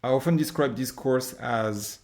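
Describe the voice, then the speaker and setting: A man's voice: medium pitch, unhurried, darkish tone. Male course instructor, French accent, upbeat and theatrical, swears casually. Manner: enthusiastic, mock-dramatic, swears casually. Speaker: online business course instructor. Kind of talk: recorded course lesson, drawing on a board.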